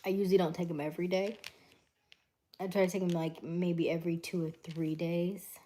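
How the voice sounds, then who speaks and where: Brisk and animated, a middle-aged woman with a low, warm voice hosts a laid-back home livestream using a webcam mic. She tells stories, acts out dialogues, and reads the chat aloud between stories.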